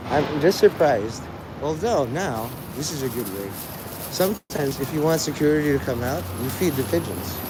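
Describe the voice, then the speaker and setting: Man, rambling street vlogger, sardonic asides, slightly high voice, loud street noise. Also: animated, moderate pace. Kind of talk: rambling live street vlog. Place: outdoor city street. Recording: noisy outdoor street.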